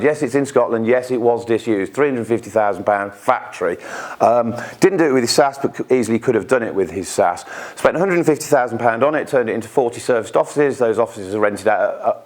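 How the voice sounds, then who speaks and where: A man from the UK giving an informal presentation at an investor networking event, chatty, with quick asides and quoted voices. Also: medium pitch, darkish tone.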